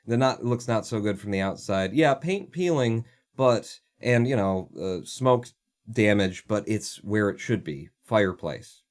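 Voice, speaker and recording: A man's voice: on the low side, lively intonation, a little slow. A man hosting a casual livestream, ranting sarcastically and swearing freely as he chats. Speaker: livestream host.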